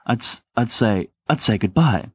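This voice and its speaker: A man's voice: mid-range voice, animated, normal speed, slightly rough, dry recording. A man voicing a flustered teenage boy who babbles and pleads in a raised voice, in an amateur audiobook reading. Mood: panicked. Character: frantic, flustered teenage boy wizard Remus.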